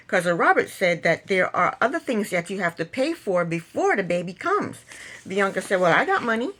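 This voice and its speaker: A woman's voice: medium pitch, sing-song, unhurried, a bit bright. A woman casually recapping a reality TV episode, chatty and opinionated, retelling scenes and acting out quotes.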